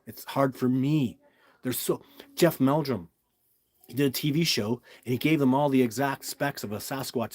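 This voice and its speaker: A man's voice: mid-range voice, no echo. A middle-aged man hosting a live question-and-answer stream, talking in an emphatic, rambling, storytelling way. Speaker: Bigfoot researcher answering viewer questions. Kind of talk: live stream Q&A, casual monologue.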